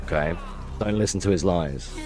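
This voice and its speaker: A man with a low voice talks through his live game run, mixing tips with banter and laughs for his chat. Quiet music plays under him. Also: normal speed. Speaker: streamer. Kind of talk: live gameplay commentary.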